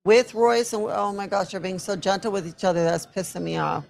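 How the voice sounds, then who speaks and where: Gravelly-voiced woman livestreaming. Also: medium pitch, a little fast, darkish tone. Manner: casual, chatty, answers chat comments. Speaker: co-host of a wrestling watch-along. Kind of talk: casual live-stream chat.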